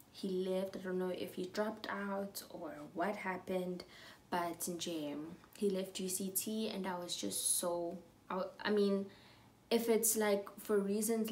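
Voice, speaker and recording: A young woman telling a storytime while getting ready, chatty and animated, sometimes dropping to a whisper. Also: fairly low pitch, slight background noise. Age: young adult. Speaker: vlogger.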